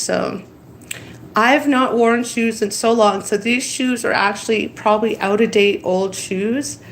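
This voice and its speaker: A woman's voice: medium pitch, slight background noise, rough recording. A tired woman hosting a casual live stream, rambling between topics and reading viewer comments aloud. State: tired after crying.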